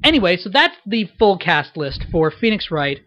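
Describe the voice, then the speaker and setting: A young man talks through a commentary in a loose, rambling way, stopping and restarting his sentences. His voice sits a little high. The recording is dull and dry, with no room sound. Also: big pitch swings, normal speed, sharp tone, no room sound. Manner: rambling, many fillers and restarts. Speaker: director giving a fan dub commentary. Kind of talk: unscripted spoken commentary.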